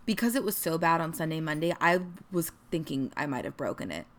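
A young woman from Northern California co-hosts a podcast, her low, sing-song voice moving fairly quickly. A chatty storyteller, she tells a tale in casual conversation and acts out the quotes.

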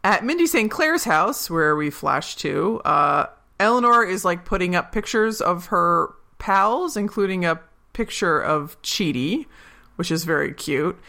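A podcast co-host recapping a television episode in loose, casual chat, often breaking into laughter. The voice is bright and forward, with middling pitch. The host acts out bits of dialogue along the way. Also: lively intonation, a little slow, vocal fry. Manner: chatty, laughs often, acts out quoted lines.

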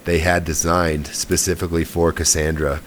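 Low-voiced male podcast co-host, relaxed gaming-news chat, rambling delivery. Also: normal speed, slight background noise. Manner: conversational, trails off and restarts.

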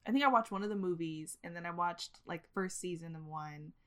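A woman's voice: on the low side, fairly quick. A woman hosting a casual interview, often murmuring agreement and laughing along. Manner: warm listener, frequent agreeing murmurs. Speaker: host.

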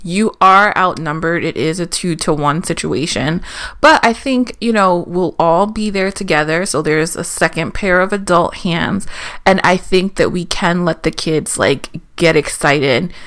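A woman's voice: on the low side, measured pace, a bit bright. A woman co-hosting a podcast, chatting upbeat and easy, with lots of filler words. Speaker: podcast co-host. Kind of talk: casual chat.

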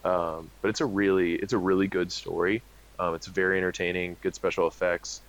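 A man's voice: sits low, flat delivery, fairly quick, lo-fi sound. A man in his thirties chatting casually as a podcast co-host, rambling and joking with many fillers. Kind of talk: casual chat.

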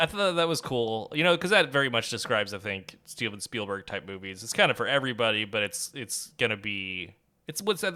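A man co-hosting a podcast in casual chat, quick and given to laughing as he talks. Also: mid-range voice, bright, forceful tone. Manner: quick, laughs often, trails off. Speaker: podcast co-host.

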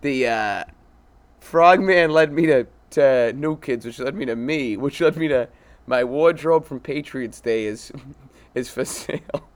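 Brief: male co-host, mid-pitched voice, crude and teasing, frequent laughter. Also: unhurried. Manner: profane, teasing, laughing often. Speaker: podcast co-host. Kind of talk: casual crude banter.

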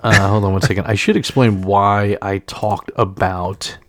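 A man's voice: lowish voice, fairly even intonation, a little slow, slight background noise. A middle-aged man from Staten Island, telling stories in a casual, rambling way full of restarts and fillers. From Staten Island, New York. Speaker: podcast co-host. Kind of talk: casual storytelling chat.

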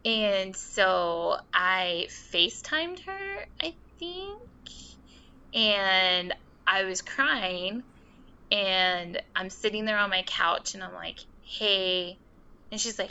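A young woman guesting on a podcast tells a story casually and animatedly, acting out the voices of the people she quotes. Her voice is medium-pitched and slow. The recording sounds slightly dull with faint noise.

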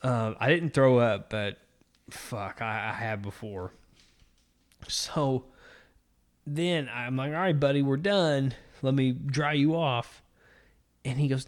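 A man in his thirties, a podcast co-host, telling a story in casual chat, animated and swearing a lot. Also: mid-range voice, takes it slowly.

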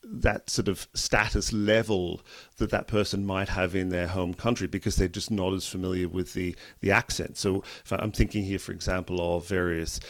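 Low-voiced man interviewing. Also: little pitch movement, moderate pace. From Ireland. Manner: thoughtful, repeats words while forming questions. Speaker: interviewer host. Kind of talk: interview questions.

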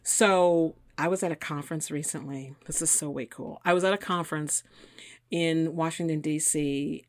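A woman's voice: deep voice, dry recording, clean studio sound. A woman in her fifties, an engineer and guest, telling a story with animation and acting out the voices of the people in it. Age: 50s. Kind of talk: storytelling in a conversation.

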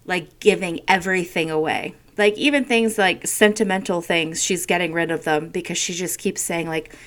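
A woman's voice: fairly low pitch, moderate pace. A middle-aged woman telling rambling, frank family stories in a casual chat. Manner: rambling storyteller, frank and laughing.

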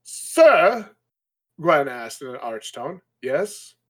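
A fairly high-pitched man reads a novel passage and then chats about it, his voice moving up and down expressively. He throws in quick reactions and joking asides as he goes. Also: sing-song, a bit bright. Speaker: podcast co-host. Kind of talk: casual chat and reading aloud.

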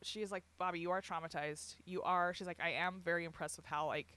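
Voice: medium pitch, fairly even intonation, fast, pushed and bright, clean tone. A young adult telling a personal story in casual chat, candid and profane, laughing often and quoting others. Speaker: guest recounting a hospital stay.

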